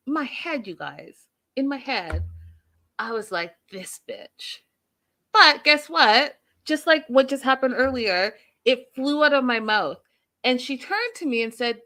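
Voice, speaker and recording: A woman's voice: fairly high pitch, sharp tone. A woman hosting a reality-show recap in a casual, opinionated way, telling stories and acting out what people said. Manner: chatty storyteller, acts out quotes, opinionated asides. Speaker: host reviewing a reality show.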